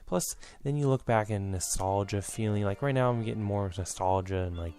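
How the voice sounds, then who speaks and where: A man's voice: fairly low pitch, a little fast, dark tone. A young man hosting a let's play, rambling and reminiscing through his commentary with lots of fillers, a bit out of breath.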